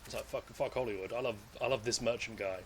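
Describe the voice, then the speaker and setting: A man's voice: medium pitch, steady tone, fast talker, slight background noise. Rambling, joking male game streamer. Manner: rambling, joking, swears freely. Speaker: streamer playing a video game. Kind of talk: casual live gameplay commentary.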